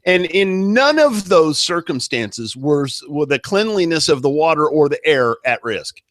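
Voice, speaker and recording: A man's voice: a little high, sing-song, unhurried, fairly bright tone, no echo, studio quality. A man co-hosting a political commentary show, emphatic and full of stammered restarts. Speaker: co-host.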